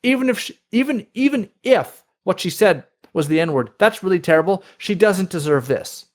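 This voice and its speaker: Male podcast guest, somewhat high voice, explanatory, many restarts. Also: lively intonation, moderate pace. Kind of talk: conversational interview.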